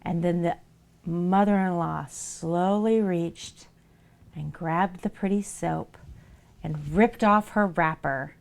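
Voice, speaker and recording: A woman's voice: lowish voice, slow, creaky, a little mellow. A woman who makes soap, telling a playful story during a casual livestream. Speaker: soap maker streaming live.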